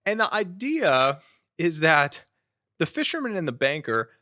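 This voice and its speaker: A man in his thirties speaking as a podcast guest and author, telling stories in an earnest, animated way. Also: on the high side, unhurried, dry recording, clean studio sound. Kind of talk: conversational storytelling.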